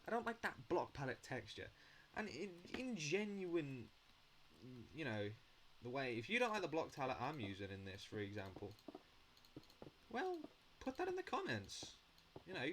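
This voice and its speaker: A man's voice: a little high, a bit bright, a little hiss or hum. A young man rambling in a casual monologue while building in a game, blunt and chatty, swearing now and then. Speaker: Minecraft builder vlogging.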